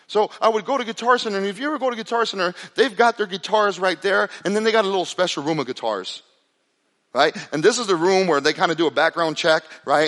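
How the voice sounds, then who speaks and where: A man preaching a sermon as pastor, telling a story with animated delivery that drops to a hushed, intense tone. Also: sits high. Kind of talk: sermon with storytelling and altar call. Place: church sanctuary. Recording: reverberant hall with soft music behind.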